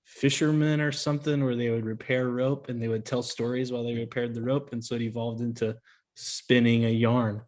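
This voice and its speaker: A man's voice: medium pitch, flat delivery, fairly quick, a little mellow. A man in casual podcast talk, laughing often and explaining things in loose, filler-heavy sentences. His voice sits in a middle range. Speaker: podcast co-host.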